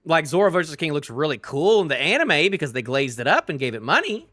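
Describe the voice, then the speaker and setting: A young man streaming live, ranting excitedly and casually about a manga, rambling with stumbling restarts and the odd swear. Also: fairly high pitch, quick pace. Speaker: streamer reacting to a manga chapter. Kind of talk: live reaction rant, casual.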